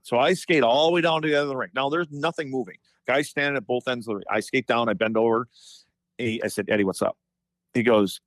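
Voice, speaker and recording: A man's voice: medium pitch, fast talker, no echo. Fifties guy spinning locker room stories, stumbles and restarts a lot, dry close mic. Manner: animated anecdotes, frequent restarts and profanity in quotes. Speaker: guest, former hockey player. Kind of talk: casual storytelling chat.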